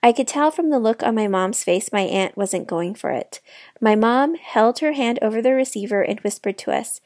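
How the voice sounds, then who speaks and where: Gravelly woman reading a children's book. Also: on the high side, expressive, moderate pace, a little mellow, no room sound, clean studio sound. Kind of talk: read-aloud narration.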